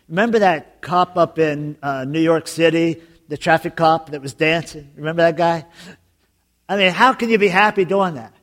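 A man preaching a sermon as pastor, telling jokes and stories in an animated way. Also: a little high, normal speed. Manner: joking, animated storytelling with laughs.

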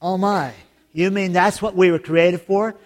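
A man preaching a sermon as pastor, telling jokes and stories in an animated way. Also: high voice, unhurried. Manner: joking, animated storytelling with laughs.

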